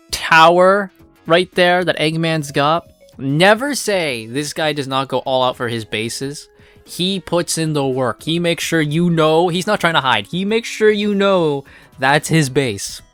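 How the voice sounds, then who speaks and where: A man's voice: on the high side, a bit bright, clear, resonant tone, dry recording. Rambling, profane man reviewing a comic. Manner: rambling, filler-heavy, blunt and profane. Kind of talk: casual video review.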